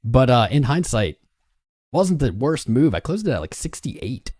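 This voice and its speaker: A man's voice: medium pitch, very animated, unhurried, a little mellow, breathy edge. A man hosting a live crypto trading stream, chatting casually and greeting viewers by name as he reads the charts. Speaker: crypto trading livestream host.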